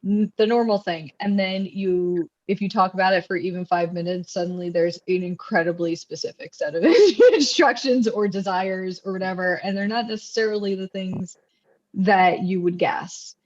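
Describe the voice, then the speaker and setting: A woman's voice: on the low side, normal speed. A woman talking as a guest author in a casual conversation, chatty with lots of fillers and playful quoted voices. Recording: dull lo-fi sound.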